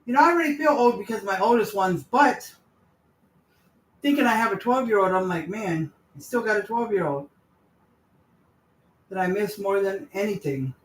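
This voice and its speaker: A woman's voice: medium pitch, animated, moderate pace, long pauses. A woman in her forties chatting casually on a livestream, rambling in trailing asides and greeting viewers. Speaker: livestream host.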